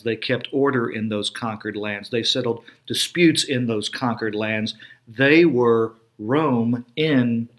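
A middle-aged man, a pastor giving sermon-style podcast teaching with an emphatic preaching cadence, slowing down on stressed words. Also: fairly low pitch, a bit bright.

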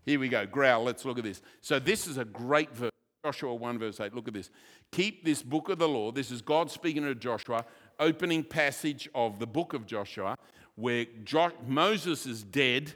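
A male pastor preaches with playful asides and quick jokes. His voice sits at a medium pitch. It rings with the long reverb of a church hall. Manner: jokey, lively preaching with asides. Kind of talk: sermon.

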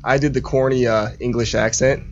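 A man's voice: medium pitch, fairly even intonation, a little fast, dull audio. A man, a guest on a casual podcast, talking in a laid-back, joking way.

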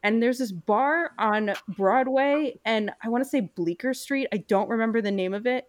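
A woman's voice: a little high, normal speed, no echo, clean studio sound. A young woman, co-hosting a casual chat and telling a story full of fillers. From United States. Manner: chatty storyteller with frequent fillers.

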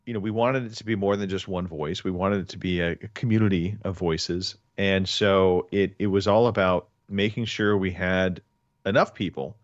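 A man with a lowish voice hosting a podcast, talking casually and rambling, circling back over his words. The sound is dry and a little dull. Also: steady tone, moderate pace, no room sound. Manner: rambling, restarts often. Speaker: podcast host. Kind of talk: casual chat.

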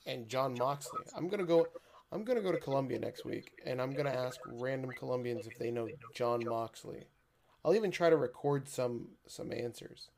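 A man's voice: medium pitch, expressive, normal speed, vocal fry, a little mellow. A man co-hosting a podcast in casual chat, joking and laughing easily. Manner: jokey, laughs easily, puts on voices. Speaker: podcast co-host.

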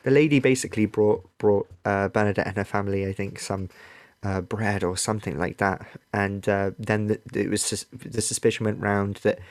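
A man co-hosting a podcast, telling a story casually, halting and repeating words as he searches for them. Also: on the low side, steady tone, no echo. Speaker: podcast co-host.

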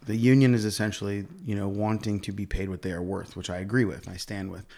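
A young adult man, an actor who is a guest on a podcast, telling animated stories in casual chat, with frequent laughs and lots of "like"s. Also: lowish voice, quick pace. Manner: animated storyteller, laughs often, many "like"s.

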